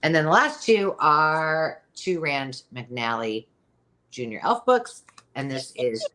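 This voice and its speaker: Middle-aged woman with a really deep voice, rambly and chatty, lots of ums, running a live sale. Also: lively intonation, takes it slowly, a bit bright. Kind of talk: casual live-stream selling chat.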